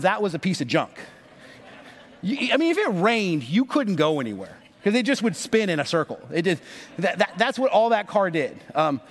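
A man in his thirties preaches with a notably high, lively voice, acting out the people in his story. His words ring with the long reverb of a large church hall. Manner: animated, acts out voices in stories. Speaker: pastor. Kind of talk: sermon storytelling. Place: church sanctuary.

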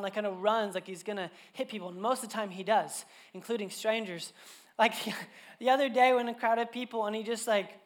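A pastor in his thirties with a high voice preaches to his church congregation, sharing family stories in a casual, animated style packed with fillers.

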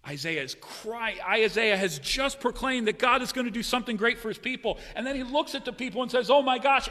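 Bright-voiced preacher man in a reverberant hall. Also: a little fast, hardly any pauses. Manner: dynamic preaching, swinging from loud cries to hushed low tones. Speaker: pastor. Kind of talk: sermon.

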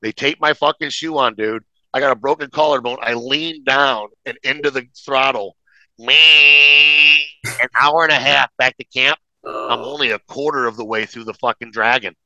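Bright-voiced, animated storytelling man. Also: medium pitch, normal speed, dry recording, dull audio. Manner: animated, profane, acts out every exchange. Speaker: guest. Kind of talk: casual storytelling.

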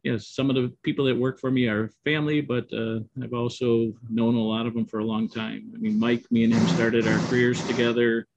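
A middle-aged man who co-owns an auto repair shop, answering interview questions in a relaxed, rambling way with many ums and you-knows. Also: mid-range voice, fairly quick, gravelly, hardly any pauses. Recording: dull, slightly muffled dry audio.

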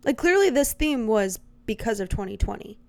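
A woman's voice: fairly high pitch, big pitch swings, vocal fry, dry recording. Playful young woman in casual banter. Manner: playful, lots of "like", quick jokey asides. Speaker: podcast co-host. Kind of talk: casual chat.

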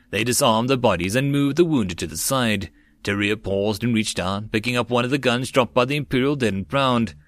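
A man narrating a web novel audiobook in a steady reading voice. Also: mid-range voice, no echo.

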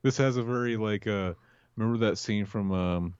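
A man co-hosting a casual movie commentary podcast, talking in halting, profane bursts full of restarts. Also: fairly low pitch, a little mellow, clean tone, no echo. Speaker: podcast co-host. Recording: dry, dull lo-fi sound.

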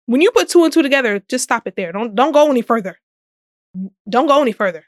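A woman's voice: sits high, expressive, fast, no echo, studio quality. A young woman hosting a casual commentary podcast, sassy and emphatic, often laughing and drawing out words for stress. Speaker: podcast host. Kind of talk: casual social media commentary.

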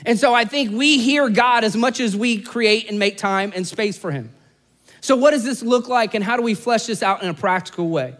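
Pastor, male, high voice, earnest and conversational. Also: normal speed, fairly bright tone. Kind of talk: sermon.

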